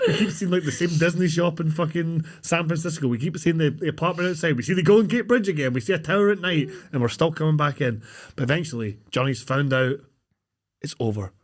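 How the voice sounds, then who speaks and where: Guy on a podcast recapping a bad movie, bit high voice, laughing and swearing a lot. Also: fast talker. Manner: laughing, sweary storytelling with acted-out quotes. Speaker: podcast co-host. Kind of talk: casual film recap chat.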